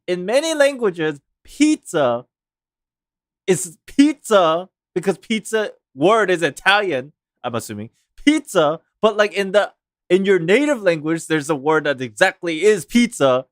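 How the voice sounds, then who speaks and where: A man's voice: high voice, a bit bright, dry recording, clean studio sound. A man, a game streamer rambling animatedly in casual chat, laughing often. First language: Korean.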